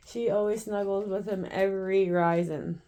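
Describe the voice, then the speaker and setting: A woman with a warm, mid-range voice chats casually indoors at home while filming her cats. This pet vlogger laughs often and coos at her animals.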